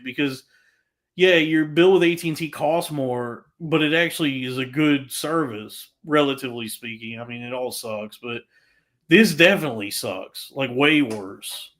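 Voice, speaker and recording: A man's voice: mid-range voice, moderate pace. A man talking casually on a podcast, telling a rant in a crude, profanity-heavy way with lots of restarts. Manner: animated, frequent restarts.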